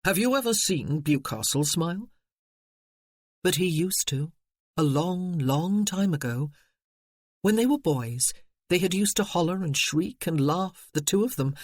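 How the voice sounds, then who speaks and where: Measured audiobook narrator, dry close sound. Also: mid-range voice, no echo. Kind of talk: scripted narration.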